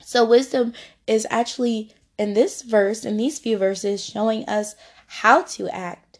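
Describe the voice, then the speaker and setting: A woman's voice: fairly high pitch, steady tone, a little slow. A woman hosting a podcast Bible study, teaching in a chatty, informal way and laughing easily. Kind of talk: casual devotional teaching.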